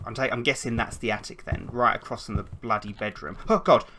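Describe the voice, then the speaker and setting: A woman playing a horror game out loud, jumpy, swearing often and stammering when scared. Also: rumbling low, normal speed, a little hiss or hum. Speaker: let's play gamer.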